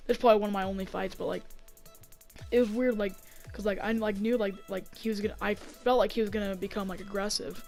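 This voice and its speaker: A woman telling a story in a casual vlog, rambling with lots of fillers and getting excited as she acts it out on a desk mic. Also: mid-range voice, fast talker, vocal fry, faint music behind. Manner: rambling, heavy on fillers, gets excited acting out the fight. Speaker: vlogger.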